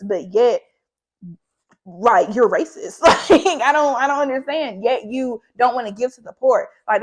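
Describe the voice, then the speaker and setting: A woman's voice: on the high side, a little mellow. A young woman chatting casually in a faith vlog, rambling, saying "like" often and laughing between thoughts. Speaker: faith vlogger.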